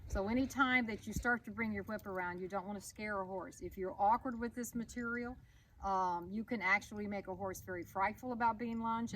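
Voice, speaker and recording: Lady riding teacher walking thru lunge basics outdoors, mid pitch, lots of background noise and horse sounds. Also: a bit bright, far from the mic, low-quality recording. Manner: practical, instructive, with short firm commands to the horse. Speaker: riding instructor. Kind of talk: outdoor horse-training demonstration.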